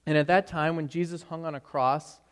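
A man delivering a sermon, his voice sitting a little higher than most men's. He preaches earnestly, swelling on key phrases and dropping soft at their ends, with the odd stumble. The sound carries a long reverb, as in a church sanctuary. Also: steady tone, a little fast, smooth. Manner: earnest, rising and falling emphasis, occasional stumbles. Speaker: pastor.

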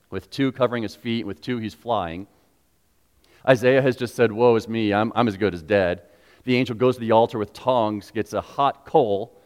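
A man preaching a sermon to his congregation, animated and conversational, acting out quotes and asking the listeners questions. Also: on the low side, smooth. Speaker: pastor. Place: church sanctuary. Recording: long church reverb.

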